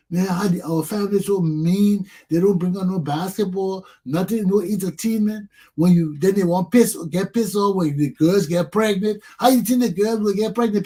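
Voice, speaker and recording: Older man ranting, husky high voice. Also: mellow. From Liberia. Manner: ranting, profane, repetitive. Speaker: talk show host. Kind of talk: angry monologue.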